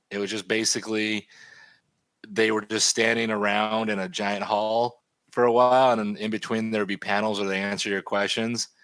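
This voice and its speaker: A man telling a story in a casual chat while he draws, animated and swearing freely. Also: on the low side, dry recording. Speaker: artist and stream host.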